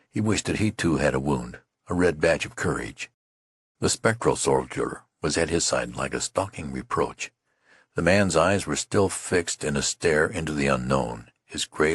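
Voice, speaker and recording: A man narrates an audiobook in a measured, deliberate reading. His voice is extremely deep and husky, and the recording is dry and close, with no room sound. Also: dry recording.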